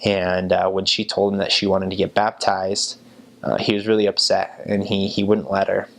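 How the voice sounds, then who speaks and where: A young American man, a former missionary, telling stories in a relaxed, rambling way. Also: sits low, normal speed, vocal fry. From United States. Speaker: returned missionary. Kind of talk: casual storytelling.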